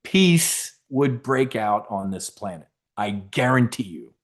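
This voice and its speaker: A man's voice: medium pitch, lively intonation, slow pace. A man hosting a live webinar, talking casually in a rambling, emphatic, preacher-like way. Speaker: webinar host.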